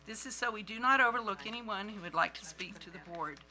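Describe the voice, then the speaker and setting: A man's voice: high voice, fast talker, sharp tone, poor audio. A man chairing a school board meeting, reading its rules aloud in a formal, procedural way.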